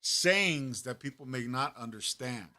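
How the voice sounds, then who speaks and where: Middle-aged man, podcast host, lively pitch, bright voice, casual chat. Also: measured pace. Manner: animated, poses questions to the audience, swears casually.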